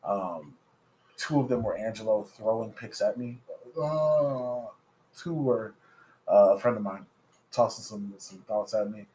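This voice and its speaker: A man's voice: lowish voice, measured pace, dark tone, slight background noise, low-quality recording. Young male co-host, laid-back and understated, casual chat. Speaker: podcast co-host.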